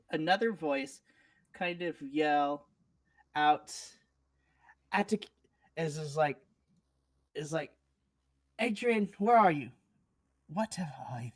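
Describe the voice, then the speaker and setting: A woman narrating a tabletop role-playing scene as game master in a casual, descriptive way with many fillers. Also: sits low.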